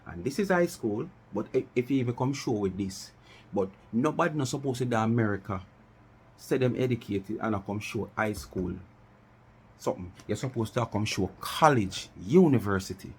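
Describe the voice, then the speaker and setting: A man's voice: medium pitch, normal speed, slight background noise. A middle-aged Jamaican man from West Kingston ranting in commentary, challenging listeners with repeated rhetorical questions and slipping into patois. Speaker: vlogger.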